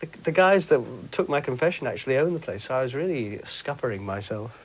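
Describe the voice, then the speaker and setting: A man from England chats in an interview, camp and quick to giggle. His voice sits at a middling pitch. When he quotes people, it leaps into squeaky high impressions. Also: lively intonation, rough recording. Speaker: interviewee, comedian and broadcaster. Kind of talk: anecdotal interview chat.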